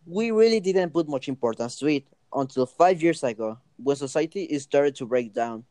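A mournful old male ghost in a homemade radio drama, voiced plainly by a man. His voice is mellow and low-key, recorded dry and close. He speaks in a sad, nervous way. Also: lively intonation, moderate pace, dry recording, lightly acted. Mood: sorrowful. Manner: sad, nervous reading of a scripted part. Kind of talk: amateur radio drama reading.

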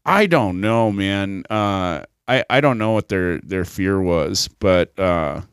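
A man's voice: low-pitched, slow, clear, resonant tone, no echo, clean studio sound. A man co-hosting a casual comedy podcast, telling stories and acting out other people's voices. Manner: animated, acts out others' voices while storytelling. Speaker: podcast co-host.

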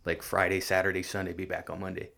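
A man with a very low, gravelly voice shares his life story as a guest in an interview. He speaks earnestly and haltingly, with frequent restarts and fillers. He grew up in California. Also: monotone, bright, forceful tone.

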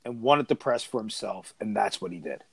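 A man hosting a casual sports podcast. He talks in an animated, opinionated way and laughs often. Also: fairly low pitch, brisk, creaky, husky, no room sound. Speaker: podcast host.

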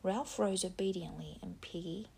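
A woman narrating a novel in a soft, half-whispered reading voice. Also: on the low side, moderate pace, creaky, a little hiss or hum. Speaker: audiobook narrator. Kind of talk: scripted narration.

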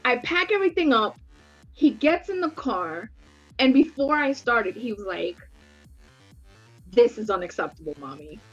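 Thirtysomething woman telling a story, animated, swears a lot, voice kinda high, slightly muffled audio. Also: normal speed, soft background music. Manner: animated, swears freely, acts out dialogue, laughs often. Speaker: podcast co-host. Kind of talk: casual storytelling chat.

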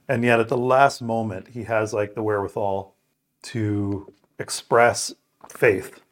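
As a co-host of a scripture podcast, this man prays and reads scripture aloud in a fairly low voice with fairly even intonation. He reflects earnestly and thoughtfully, sometimes pausing or starting a phrase again.

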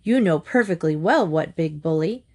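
A woman's voice: low voice, animated, normal speed, dark tone. A woman voicing an angry, indignant mother of a hurt little boy in a storybook reading, shrieking and accusing.

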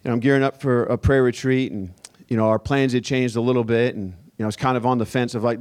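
A male pastor preaching a sermon as a relaxed, conversational personal story. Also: medium pitch, fast talker, few pauses. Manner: casual, conversational storytelling with fillers.

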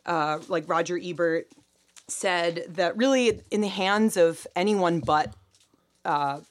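Chatty woman with a lowish voice. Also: takes it slowly. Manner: reads quotes aloud, many fillers. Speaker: podcast co-host. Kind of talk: casual chat.

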